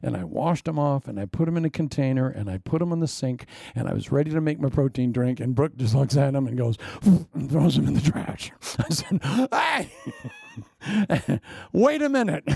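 A man's voice: mid-range voice, lively intonation, normal speed, vocal fry, few pauses, a little mellow, slightly rough, dry recording, clean studio sound. A middle-aged man preaching a sermon as pastor, conversational and joking, with laughing asides.

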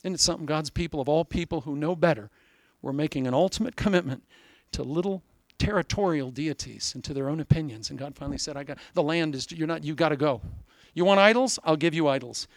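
A man's voice: on the high side, fast talker, dry recording, studio quality. A male preacher from Iowa delivering a sermon, telling stories animatedly and acting out voices. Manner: animated storytelling, acts out voices and laughs.

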